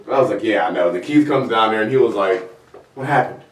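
Animated male comedian telling stories. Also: on the low side, fast talker. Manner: animated, acts out the voices in his stories, laughs. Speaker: comedian host. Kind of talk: casual storytelling chat. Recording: roomy sound from a distant mic.

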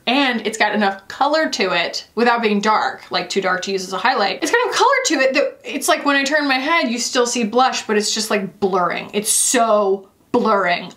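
Beauty vlogger, woman, higher voice, chatty and emphatic, casual review talk. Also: a bit bright. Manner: chatty and emphatic, lots of "like" and "y'all". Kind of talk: casual product review chat.

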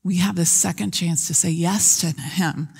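A woman pastor giving a sermon, retelling scripture in a lively storytelling manner. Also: on the low side, normal speed, gravelly, breathy edge, long reverb tail. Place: church sanctuary.

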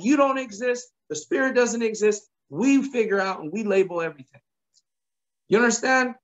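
A man preaching, retelling a story in lively quoted dialogue with emphatic repetition. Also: sits high, lo-fi sound. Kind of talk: sermon storytelling.

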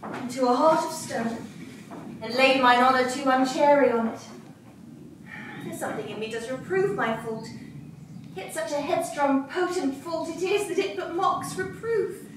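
A woman's voice: high-pitched, normal speed, noisy background, natural voice. A woman playing Olivia, a lovesick noblewoman. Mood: pleading. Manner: earnest, pleading verse delivery. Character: proud, lovesick young noblewoman. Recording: echoey barn, voice from far off.

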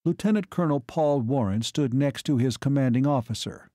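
A man narrating an audiobook in a measured, steady reading voice. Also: medium pitch, no room sound, studio quality. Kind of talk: scripted narration.

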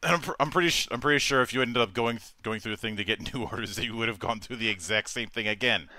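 A man's voice: mid-range voice, quick pace, bright, forceful tone, no echo. A man hosting a casual talk stream, rambling with many restarts and frequent chuckles. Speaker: host. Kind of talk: casual chat.

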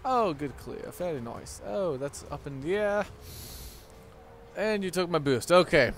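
A young man hosting his gaming channel, giving excitable, mock-instructional commentary over gameplay with frequent swearing and outbursts. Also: a little high, measured pace, slight background noise.

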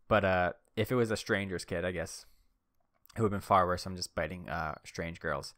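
With a deep, steady voice that's a bit bright, a young man talks fairly quickly on his podcast, telling casual, rambling stories full of "like." The studio-quality recording has no room sound.

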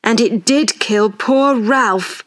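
A woman voicing a wealthy, unhappy man full of guilt and worry, speaking slowly and earnestly in a slightly high voice. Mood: remorseful. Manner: slow, earnest, remorseful. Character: grieving wealthy man, guilt-ridden, anxious.

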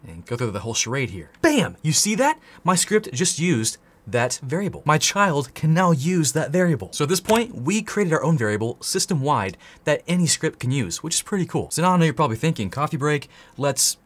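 A man's voice: on the high side, big pitch swings, a little fast, few pauses. A man hosting a tech tutorial, playful and jokey, talking straight to the viewer as he types. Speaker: tech course host. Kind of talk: energetic screen-share tutorial.

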